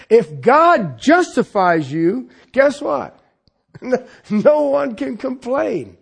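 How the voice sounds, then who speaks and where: A man preaching a sermon in a folksy, humorous way, talking straight to his listeners and swinging between loud exclamations and quiet, intimate asides. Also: very high voice, big pitch swings, takes it slowly, vocal fry, breathy edge.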